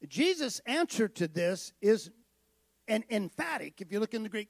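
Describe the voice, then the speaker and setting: A man's voice: high-pitched, very animated, moderate pace, creaky, no echo. A man preaching a sermon in a conversational way that builds to emphatic declarations. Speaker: pastor.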